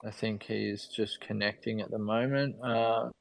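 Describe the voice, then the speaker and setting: A man hosting a casual online audio chat from his phone, relaxed and laughing easily as he brings in speakers. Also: on the low side, measured pace, vocal fry.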